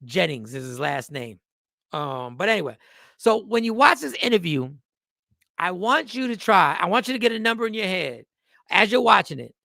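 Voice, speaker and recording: High, gravelly man riffing casually. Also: no room sound, studio quality. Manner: animated, joking, swearing, reads chat comments aloud. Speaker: host. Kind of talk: casual comedic commentary.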